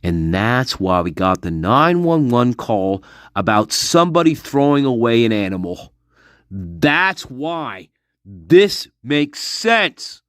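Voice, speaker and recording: Slow, intense man speculating. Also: medium pitch, very animated, no echo, clean studio sound. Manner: intense, repetitive, profane speculation. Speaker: online commentator. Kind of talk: casual monologue to viewers.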